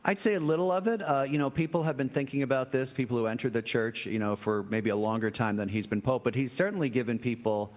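A man's voice: mid-range voice, fast, few pauses. A man in his sixties, a priest guest, telling anecdotes with self-deprecating chuckles. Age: 60s. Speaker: priest guest on a comedy quiz show. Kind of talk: storytelling interview answers.

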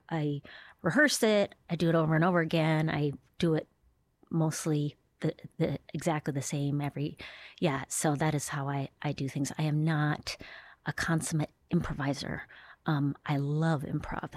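A comedian from Duluth with a Minnesotan accent chats as a guest in a casual interview, slipping into mimicked voices as she talks. Her deep voice moves at a moderate pace with a soft, trailing delivery, and the recording has no room sound.

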